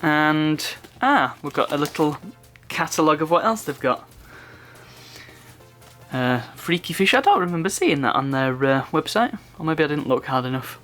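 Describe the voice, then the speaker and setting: A man's voice: a little high, sing-song, normal speed, a bit bright, soft background music. A man casually chatting through an unboxing, rambling off on asides and chuckling at his own remarks. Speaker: unboxing video host.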